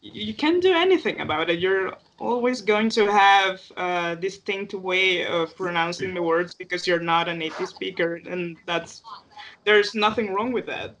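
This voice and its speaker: Non-native English speaker, slow and deliberate, bright tense tone. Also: medium pitch. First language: not English. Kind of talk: casual chat.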